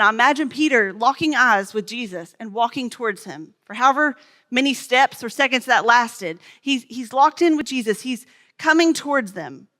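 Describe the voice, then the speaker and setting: Her voice runs a little high and a bit bright. She's a pastor from the Smoky Mountains region of the USA, telling stories in a conversational sermon and speaking with kids.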